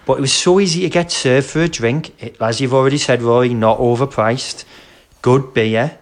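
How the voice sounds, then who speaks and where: A man's voice: mid-range voice, normal speed. Man, casual podcast chat, chatty, laughs a lot, asks questions.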